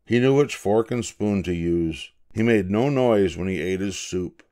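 An older man reading a children's picture book aloud, slow and expressive like a grandfather. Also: lowish voice. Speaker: storybook reader.

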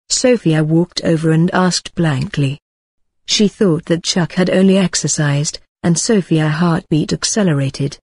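Husky, low-voiced woman, even synthetic-sounding story narrator, dry close sound. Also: measured pace, dry recording.

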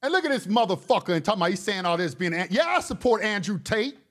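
A man's voice: high voice, very animated, quick pace, a bit bright. A male talk show host delivering a heated, profane monologue, repeating words and restarting his sentences as he gets worked up.

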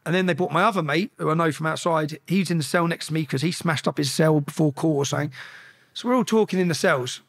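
A man telling a story as a podcast guest, animated and profane, acting out shouted exchanges. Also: on the high side, fast talker, husky. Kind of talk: casual storytelling.

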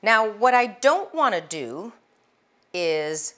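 A middle-aged woman hosting a casual cooking demonstration, chatty and enthusiastic, with a loud, projecting voice, talking to the viewer as she works the dough. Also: medium pitch, very animated, slow pace. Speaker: cooking show host.

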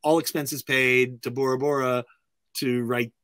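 Animated bright-voiced storyteller man. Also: medium pitch, measured pace, no echo. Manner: acts out other people's lines in lively voices. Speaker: filmmaker guest.

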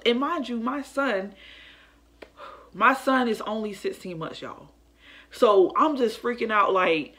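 A woman's voice: fairly high pitch, unhurried, fairly bright tone. A young woman telling viewers about a dream in a casual, earnest and emotional way, calling them y'all. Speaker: faith vlogger. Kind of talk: casual testimony to camera.

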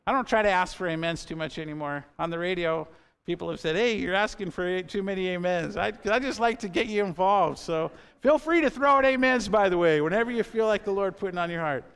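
A man's voice: high voice, fairly quick, gravelly, fairly bright tone, smooth. A man in his fifties preaching a sermon as pastor in a church, earnest and conversational, with asides to the congregation. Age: 50s. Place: church sanctuary.

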